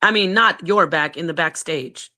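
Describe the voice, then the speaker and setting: A woman with a somewhat low voice hosts a casual livestream. She talks in an emphatic, scolding way. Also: normal speed, sharp tone, dry recording. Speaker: livestream host.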